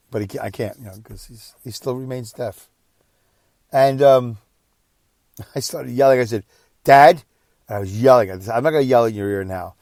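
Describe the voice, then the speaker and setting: Exhausted and weary, a podcast host with a medium-pitched voice recounts something personal, his rambling, emotional telling rising loud and dropping quiet. The recording is dry and studio quality.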